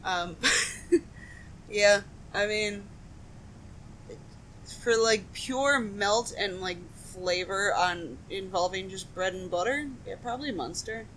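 A woman from the Midwest, co-hosting a podcast, telling stories in a casual, profane, animated way. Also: mid-range voice, slow, long pauses, slight background noise. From American Midwest. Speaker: podcast co-host. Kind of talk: casual chat.

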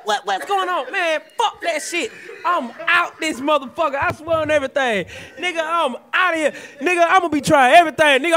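A man with a Southern US accent and a very high, bright, forceful voice riffs on a comedy podcast. He tells stories loudly and animatedly, often breaking into shouts and laughter. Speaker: podcast co-host. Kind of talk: comedic riffing podcast banter.

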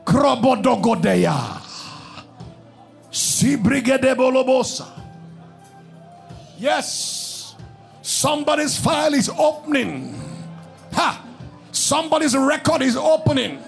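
A man preaching a fervent sermon, shouting, chanting, repeating phrases and praying in tongues. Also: very high voice, lively intonation, slow pace, vocal fry, long pauses, soft background music.

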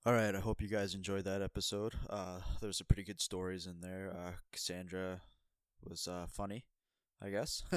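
A man, the podcast host, giving a relaxed episode outro with many fillers. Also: low-pitched, clean tone, no echo.

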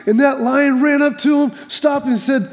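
Male pastor, high voice, folksy storytelling, restarts and repeats, long hall reverb. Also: fairly even intonation, moderate pace. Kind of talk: sermon with opening joke.

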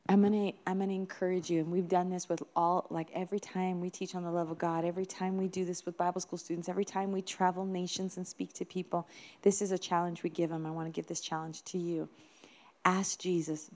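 A woman's voice: on the low side, little pitch movement, fast, mellow. A woman minister preaching a sermon in an earnest, emphatic way, building her points with repeated phrases.

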